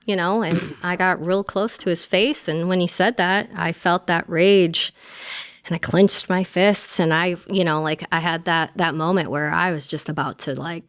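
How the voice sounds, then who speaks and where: A woman's voice: on the low side, steady tone, moderate pace, clean tone. A woman Army veteran telling her personal story as a podcast guest, speaking frankly with lots of fillers and some casual swearing.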